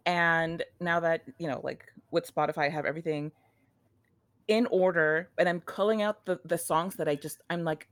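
A woman's voice: fairly low pitch, fairly even intonation, moderate pace, no echo. A woman talking as a podcast guest in a playfully dramatic, mock-bossy way. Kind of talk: casual chat.

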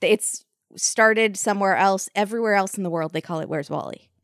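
Wry, animated woman podcast co-host. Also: mid-range voice, fairly quick, no echo, studio quality. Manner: wry, animated storytelling with frequent laughs. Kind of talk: casual recap chat.

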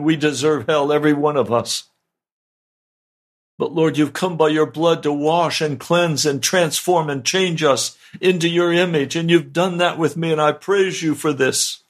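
A man hosting a radio broadcast, praying and preaching fervently and pleadingly. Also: fairly high pitch. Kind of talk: radio sermon and prayer.

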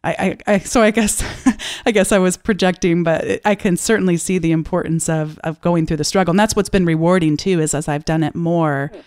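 A woman's voice: lowish voice, steady tone, a little fast, hardly any pauses, darkish tone, no echo, clean studio sound. A woman hosting a podcast, talking thoughtfully and often correcting herself mid-sentence. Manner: thoughtful, with frequent self-corrections. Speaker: podcast host. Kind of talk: casual conversational interview.

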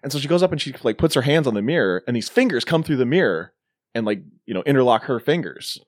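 Male podcast co-host, lively pitch, dry close sound, casual movie recap. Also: fast talker, dry recording. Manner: animated retelling, mimics characters in quoted bits. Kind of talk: casual movie review chat.

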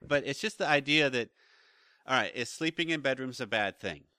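A man's voice: mid-range voice, expressive, moderate pace, sharp tone, no room sound, clean studio sound. A man co-hosting a podcast about relationships, talking casually in rambling, trailing sentences. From United States. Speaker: podcast co-host, relationship counselor. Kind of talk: casual chat.

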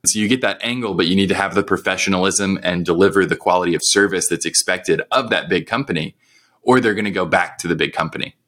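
A man's voice: low voice, fast, a bit bright. A man co-hosting a podcast, talking in a casual, conversational way and explaining business advice step by step. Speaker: podcast co-host.

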